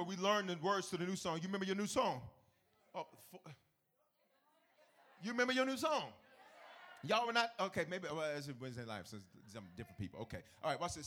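High-voiced man preaching in call-and-response. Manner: call-and-response preaching, rising into shouted, sung cadences. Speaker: pastor. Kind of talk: sermon. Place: church service.

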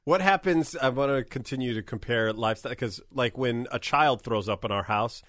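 A man with a mid-range, somewhat bright voice talks fairly quickly in a clean studio recording with no echo. He's co-hosting a casual chat and throwing in joking asides.

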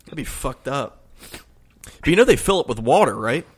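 A man's voice: medium pitch, sing-song, moderate pace, breathy edge. A man chatting casually with friends, telling a story with lots of laughter, swearing and quoted voices. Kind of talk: casual chat among friends.

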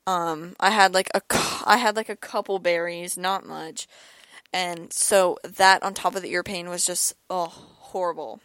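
A woman's voice: lowish voice, fairly even intonation, moderate pace, a bit bright, dry recording, clean studio sound. A young woman hosting her own podcast, telling a personal story in a rambling, casual way with lots of repeated words and "like," while ill with an ear and throat infection. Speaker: podcast host.

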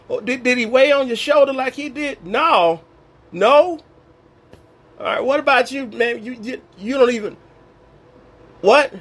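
A man with a very high, fairly bright voice gives an emotional personal faith testimony, questioning and acting out bits of dialogue. His voice is a little strained, as if recently lost.

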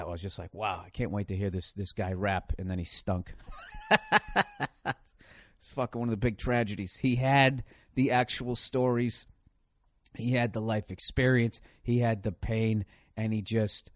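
A man's voice: on the low side, no room sound, clean studio sound. Profane man ranting on a podcast. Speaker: podcast host. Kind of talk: rambling solo podcast monologue.

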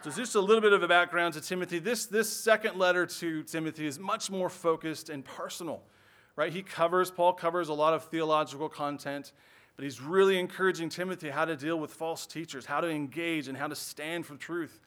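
A man's voice: a little high, steady tone, a little fast, a bit bright. A man preaching as a pastor in a church, earnest and explanatory, often checking in with "right?". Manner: earnest preaching, frequent "right?" tag questions. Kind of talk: sermon.

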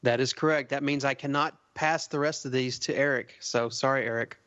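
A man's voice: medium pitch, fairly even intonation, brisk, a bit bright, no room sound, muffled recording. A man hosting a quiz among friends on a casual podcast, reading questions and laughing at the banter. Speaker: quiz host.

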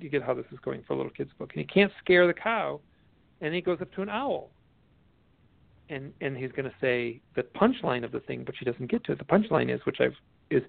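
A man, a guest author, telling stories in a casual interview, animated and often restarting his sentences, heard over a phone line. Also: medium pitch, creaky. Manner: animated storyteller, restarts a lot. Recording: tinny dry phone line.

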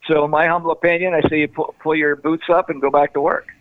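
A man's voice: a little high, little pitch movement, quick pace, dry recording. A man guest on an interview, telling road stories animatedly and acting out quoted dialogue over a phone call. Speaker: guest, former tour manager. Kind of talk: storytelling interview. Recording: tinny phone line, dry.

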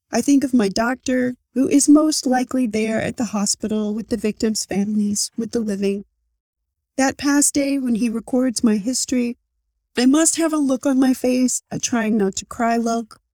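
A woman author reading her own essay aloud in a measured, soft-spoken way, then discussing it. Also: a little high, no room sound, studio quality. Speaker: author guest.

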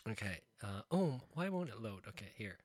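A host chatting casually, laughing often and trailing off quietly. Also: male voice, fairly low pitch, big pitch swings, moderate pace, no echo, studio quality. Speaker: podcast host. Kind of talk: casual chat.

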